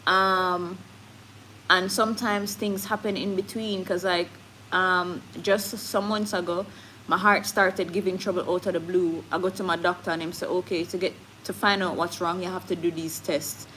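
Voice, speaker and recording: Jamaican woman, lower voice, candid live-stream host who mixes in patois, faint hiss behind. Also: flat delivery, moderate pace, sharp tone, poor audio. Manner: candid, switching into patois, reads viewer comments. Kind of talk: casual live-stream chat.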